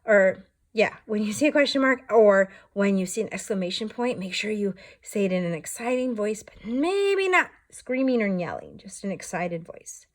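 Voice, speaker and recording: A woman teacher reading a storybook to young children, asking gentle, encouraging questions. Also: medium pitch, expressive, normal speed.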